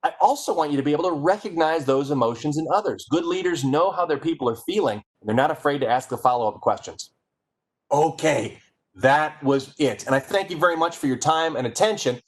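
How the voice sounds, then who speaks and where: A man giving a playful, energetic comic presentation and speaking straight to his audience. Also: a little high, brisk. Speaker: keynote speaker. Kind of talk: comedic presentation.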